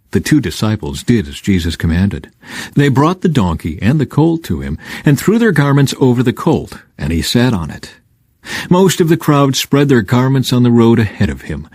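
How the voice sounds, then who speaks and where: A man reading scripture aloud in an expressive, lilting way. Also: mid-range voice, no echo, studio quality. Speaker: Bible reader.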